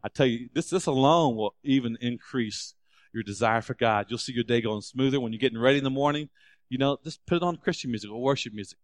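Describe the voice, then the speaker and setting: A man preaching a sermon as a pastor, animated and climbing into loud, emphatic stretches. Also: mid-range voice, quick pace, dry recording.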